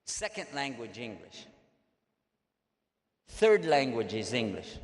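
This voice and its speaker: A man's voice: mid-range voice, big pitch swings, slow. An older man with a Texan accent, telling stories in a folksy, joking way to an audience as an Islamic preacher. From Texas. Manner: folksy, joking, drawling asides. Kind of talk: storytelling lecture to an audience. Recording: long echo of a large hall.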